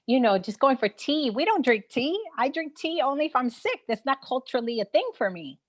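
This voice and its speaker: A woman's voice: sits high, brisk. A woman with a Brooklyn, New York accent, the guest in a casual online conversation, talking frankly with plenty of fillers and laughs over a video call. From New York City. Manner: frank, animated, laughs often, many fillers.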